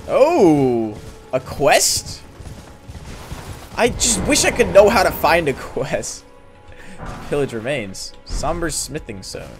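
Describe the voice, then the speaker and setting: Chatty and excitable, a young man plays a game and comments as he goes, talking to the characters on screen. He frequently jumps to high yelps of surprise, while game music runs in the background of this let's play.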